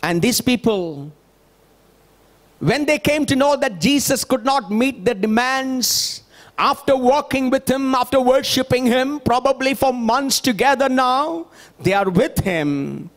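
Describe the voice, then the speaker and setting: A male pastor delivers a sermon with a strikingly high-pitched voice. He preaches emphatically and throws rhetorical questions out to his listeners. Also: expressive, unhurried, a bit bright.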